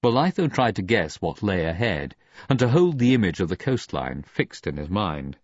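A man narrating an audiobook in a dramatic, expressive reading. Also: deep voice, moderate pace, slightly rough, no echo, muffled recording. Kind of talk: scripted narration.

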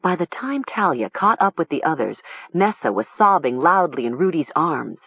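Woman audiobook narrator, husky, lively intonation, slow, dry dull sound. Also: deep voice, no room sound. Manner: expressive, measured.

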